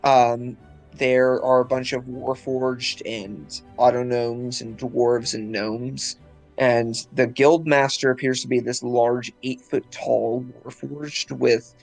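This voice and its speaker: A man's voice: medium pitch, gravelly. A man narrating a tabletop game as game master, rambling with lots of ums and uhs.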